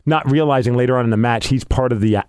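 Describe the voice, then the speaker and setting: A man co-hosting a casual podcast, telling a story with animated, acted-out dialogue. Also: medium pitch, fast, clean tone, dry recording, studio quality. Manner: animated storytelling, acting out quoted lines.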